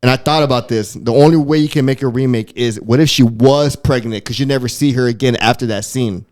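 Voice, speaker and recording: A man co-hosting a podcast, chatting casually about movies in a rambling, animated way and swearing freely. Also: mid-range voice, fairly quick. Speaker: podcast co-host. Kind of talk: casual chat.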